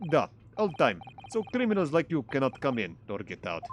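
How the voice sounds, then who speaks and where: A man voicing a gruff, blunt Russian sailor guard who speaks broken English in a put-on Russian accent, as he reads a story game aloud. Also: mid-range voice, huge pitch swings, brisk, slight background noise. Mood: curt.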